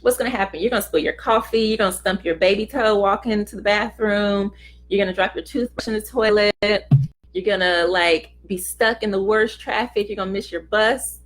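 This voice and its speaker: Hosting a laid-back self-help talk, a middle-aged woman speaks at medium pitch and a moderate pace. Her manner is sincere and chatty, and she acts out small quoted remarks as she goes.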